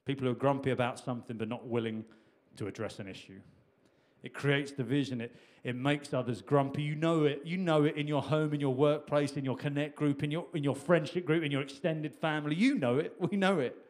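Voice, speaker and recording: A man's voice: a little high, brisk. A middle-aged man preaching a sermon in a conversational way, with repetitions and restarts. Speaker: pastor.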